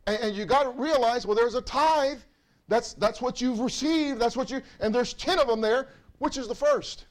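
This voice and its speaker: High-pitched guy preaching in church, punchy, keeps repeating himself and quizzing the crowd. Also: expressive, fairly quick. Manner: emphatic, repeats phrases, asks the congregation questions. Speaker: pastor. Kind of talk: sermon.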